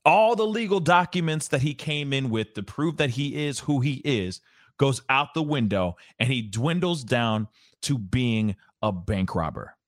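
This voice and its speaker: A man's voice: mid-range voice, measured pace, no echo, studio quality. A man hosting his own commentary show, reacting with lots of laughter and repeating phrases. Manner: laughs hard and often, animated, repeats phrases. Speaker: show host. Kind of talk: casual commentary on a news clip.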